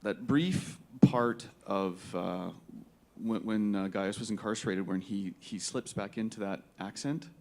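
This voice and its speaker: A man with a lowish voice asks a question from the audience at a convention. He stumbles over his words and restarts often, full of admiration for the guest. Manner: halting, many restarts and fillers, admiring. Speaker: fan asking a question. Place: convention hall.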